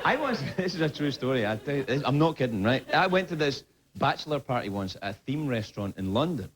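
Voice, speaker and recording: A man's voice: medium pitch, big pitch swings, fast, some chatter behind. A Scottish man in his forties, a late-night host telling rambling comic stories and often interrupting himself with laughter. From Scotland. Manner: rambling, self-interrupting storytelling with frequent laughs. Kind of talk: comedic monologue.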